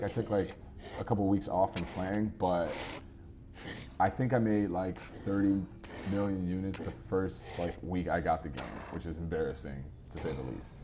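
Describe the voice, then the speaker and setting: This streamer talks with his audience while gaming live, relaxed and meandering as he responds to their comments. His mellow voice sits low and moves at normal speed, with a little hiss or hum in the background.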